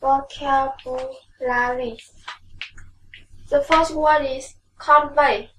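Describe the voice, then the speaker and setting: A woman with a Vietnamese accent teaching English vocabulary in a classroom, repeating each word slowly for pronunciation. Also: high-pitched, steady tone, echoey room, distant mic, a little hiss or hum, low-quality recording. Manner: slow, drilling words with repeated pronunciation.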